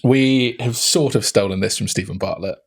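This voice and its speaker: A man's voice: mid-range voice, moderate pace, slightly rough. A man co-hosting a podcast, chatting in an enthusiastic, easygoing way. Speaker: podcast co-host. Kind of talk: casual chat.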